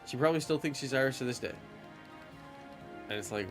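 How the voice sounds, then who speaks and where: A man from the States chats loosely on a live stream, his sentences full of "you know" and "like" as he answers viewers. His voice sits at an ordinary middle pitch. Faint music plays under him. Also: fairly quick. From United States. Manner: rambling, heavy on fillers like "you know" and "like"; reads chat and answers viewers. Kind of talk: casual live-stream chat.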